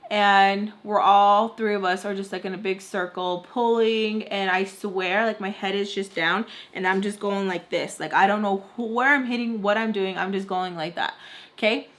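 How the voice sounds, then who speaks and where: A young woman beauty vlogger does her makeup while telling a storytime in a mid-range voice at a moderate pace. She rambles, leans heavily on "like," retells events animatedly, and drops in Spanish words.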